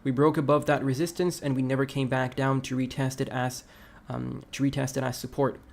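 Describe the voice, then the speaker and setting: A man's voice: mid-range voice, brisk, creaky, slight background noise. A man hosting a casual crypto livestream, walking through price charts and reading viewer comments aloud. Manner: relaxed, talks through charts, reads chat aloud.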